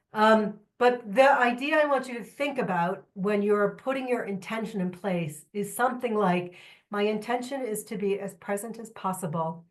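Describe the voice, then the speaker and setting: A woman speaks as a trainer at a symposium. She talks to a live room in a candid, lively way, with frequent joking asides and quick questions to her listeners. Her voice sits at an ordinary middle pitch. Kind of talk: workshop talk to a live audience.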